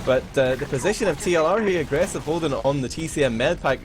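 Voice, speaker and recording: Chatty Irish esports caster, noisy background. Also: male voice, a little high, expressive, fast talker. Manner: chatty, laughs easily, many fillers. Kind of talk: live play-by-play commentary.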